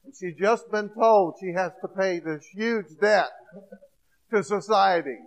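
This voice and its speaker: A man preaching a sermon, swinging between hushed storytelling and loud, emphatic points. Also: sits high, measured pace, rough recording.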